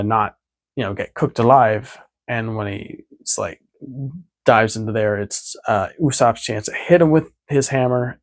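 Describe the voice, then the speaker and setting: Rambling man recapping a cartoon. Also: fairly low pitch. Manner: rambling, many fillers. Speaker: vlogger. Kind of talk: casual episode recap.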